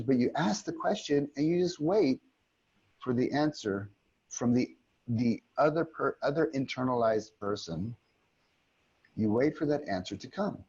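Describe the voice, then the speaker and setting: A middle-aged man, an aikido teacher, calmly guiding a community call through a reflective exercise, often restarting his sentences. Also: mid-range voice, breathy edge, highs cut off. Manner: calm, reflective, many restarts. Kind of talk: guided teaching talk. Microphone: video call.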